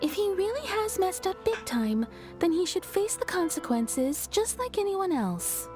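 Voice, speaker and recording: A woman's voice: very high voice, sing-song, a little slow, darkish tone, exaggerated voice. A woman voicing a cheerful townswoman in a video game, telling a story in a chatty, amused way. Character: cheerful townswoman, kimono maker, amused and frank. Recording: game dialogue over music.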